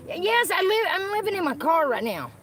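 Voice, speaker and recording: A woman with a very high-pitched, very animated, slightly bright voice speaks fairly quickly in a livestream from her car. She chats with viewers in an unscripted rant, angrily cursing at the people she mentions and repeating phrases. Dogs nearby and faint noise are in the background.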